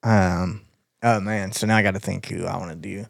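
A man's voice: low voice, fairly even intonation, normal speed, vocal fry, no echo, clean studio sound. A man co-hosting a podcast in casual chat, laid-back and a little crude. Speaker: podcast co-host.

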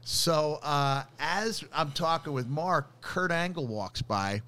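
A man's voice: on the high side, slow. A man telling a funny story as a podcast guest, chuckling as he goes. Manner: animated storyteller, chuckles through his stories. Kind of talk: casual anecdote telling.

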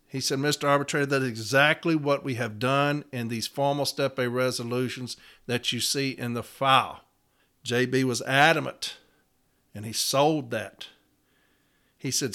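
A man's voice: mid-range voice, moderate pace, bright, forceful tone. A man hosting an episode, earnestly explaining a labor arbitration decision and reading contract language aloud with emphasis. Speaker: union steward and podcast host.

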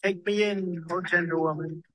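A man's voice: sits high, fairly even intonation, sharp tone, no echo. A man reciting a sly, vicious snake. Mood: pleading. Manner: slow recited verse.

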